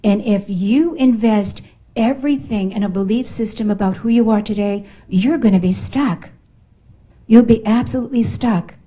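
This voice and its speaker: A woman's voice: mid-range voice, moderate pace, warm tone, dull audio. A middle-aged woman with a Boston accent giving an emphatic, playful motivational talk to a live audience at a networking event. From United States. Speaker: motivational speaker. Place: function room at a networking event.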